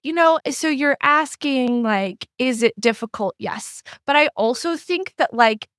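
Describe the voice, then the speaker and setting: A woman's voice: sits high, lively intonation, measured pace, a bit bright, no echo, studio quality. A middle-aged woman talking candidly as a guest writer, telling stories and acting out what people said to her. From not from the Midwest. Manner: candid storyteller who acts out quoted exchanges. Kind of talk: casual podcast conversation.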